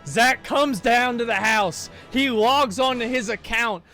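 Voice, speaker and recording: A man with a high voice tells a rowdy old gaming story in loose, profane stream chat, acting out what others said. Faint music plays under his talk. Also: measured pace. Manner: profane, animated, acts out quoted voices.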